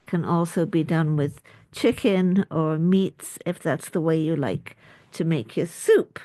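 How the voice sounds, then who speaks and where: This is a low, slow, dark-toned woman's voice with no echo. The speaker, a middle-aged woman from the United Kingdom with an English accent, works as a doctor and school principal and gives a casual, jokey health talk to camera.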